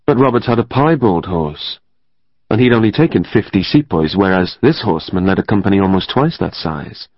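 A man reading a historical novel as audiobook narrator, in a steady, even storytelling manner. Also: deep voice, a little fast, no echo. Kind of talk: scripted narration. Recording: dry, slightly muffled studio.

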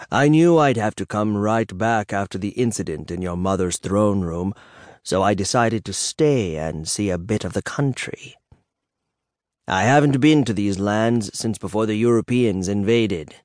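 Male narrator as old dragon elder, stern and disapproving, low and slow. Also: a little mellow, no room sound, studio quality, lightly acted. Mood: dry.

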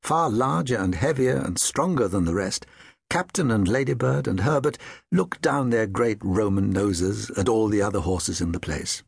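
A man narrating a children's audiobook with expressive, lively storytelling. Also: on the low side, moderate pace, gravelly, breathy edge, no echo, clean studio sound.

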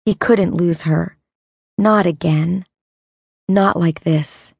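A woman narrating an audiobook in a measured, unhurried storytelling manner. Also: on the low side, vocal fry, darkish tone, breathy edge, dry recording, clean studio sound.

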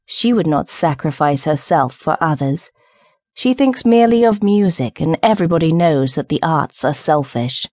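A woman's voice: low-pitched, animated, normal speed, darkish tone, no echo, clean studio sound. A woman voicing an aloof, self-important young male student in an audiobook. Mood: dismissive. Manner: dismissive and lofty.

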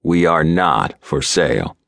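A guarded, hot-tempered rancher, as a male audiobook narrator voices him. His low, dry voice comes out curt and snarling, holding back a temper. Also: animated, measured pace, a bit bright, no echo, exaggerated voice. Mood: cool. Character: tough rancher, guarded and quick to anger.

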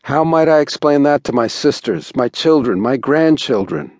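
A man's voice: medium pitch, lively intonation, normal speed, a little mellow, no echo, voice pushed up, close to an everyday voice. A man voicing a barbarian chieftain who argues urgently with his father in a storybook reading. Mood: urgent protest. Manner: urgent, arguing. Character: barbarian chieftain man, grown son, insistent.

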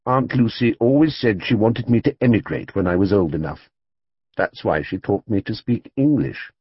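A man's voice: on the low side, lively intonation, moderate pace, slightly rough, no room sound. A man voicing a small, earnest, well-mannered young male bear in an audiobook, sounding proud and polite. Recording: dull, dry studio audiobook read.

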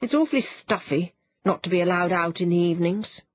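A woman's voice: lowish voice, lively intonation, fairly quick, slightly rough, no room sound, dull audio. A woman voicing an impatient schoolboy who complains eagerly. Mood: bored.

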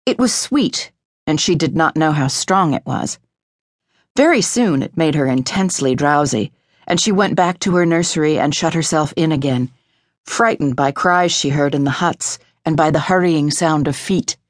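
Woman audiobook narrator, low voice, measured and expressive, dry close studio sound. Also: dry recording.

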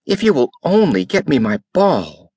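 A man's voice: a little high, big pitch swings, moderate pace, a little mellow, slightly rough, no echo, voice pushed up. A man voicing a spoiled young princess in an eager, pleading way.

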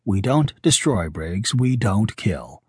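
A man voicing a calm, sorrowful alien man who speaks softly and gravely. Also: takes it slowly, no echo, clean studio sound, exaggerated voice. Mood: gentle. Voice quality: low, soft and grave.

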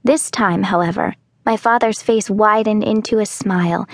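A woman narrating a children's audiobook in the first person, telling the story calmly and clearly. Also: medium pitch, normal speed, no room sound. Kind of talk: scripted narration.

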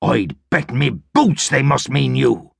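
A man doing a gravelly old pirate captain. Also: mid-range voice, big pitch swings, fairly bright tone, dry recording, heavily acted. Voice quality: gravelly, husky. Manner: slow, drawling and folksy. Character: gruff hungry old male pirate captain. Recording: dry studio audiobook.

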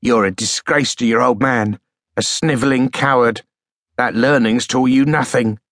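A man's voice: mid-range voice, fairly even intonation, a little slow, fairly bright tone, no room sound, clean studio sound, close to an everyday voice. A man voicing a bitter, wasted ex-soldier. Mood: scolding. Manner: spluttering, scolding.

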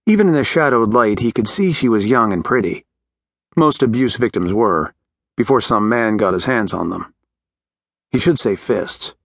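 A man narrating a dramatic novel in a measured, scripted reading as an audiobook narrator. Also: fairly low pitch, animated, no echo, clean studio sound.

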